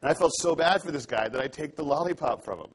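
A man's voice: a little high, lively intonation, fast, a little hiss or hum, low-quality recording. A young adult man giving an earnest, conversational talk to an audience, telling a story and acting out the dialogue in it. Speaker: public speaker.

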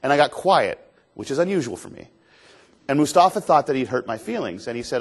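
A man from Canada telling an animated, self-deprecating story as a motivational speaker on stage. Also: mid-range voice, a little fast, breathy edge. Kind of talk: storytelling keynote talk on stage. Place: stage before an audience.

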